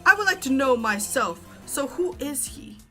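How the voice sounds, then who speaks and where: Lady reading as a snooty older prosecutor guy, talks down to everyone, bright voice, bit of music behind. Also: high voice, big pitch swings, normal speed, voice pushed up, exaggerated voice. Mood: condescending. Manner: condescending, clipped. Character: arrogant, cold older male prosecutor.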